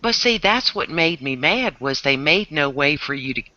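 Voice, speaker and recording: A man's voice: a little high, expressive, moderate pace, pushed and bright, no echo. A man in casual chat, plainly complaining. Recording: dull lo-fi recording.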